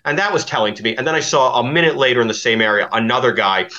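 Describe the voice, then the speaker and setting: Guest, man, bright pushy tone, rambling storyteller, dull lo-fi line. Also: medium pitch, fast. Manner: rambling, with many fillers and restarts. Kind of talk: podcast interview.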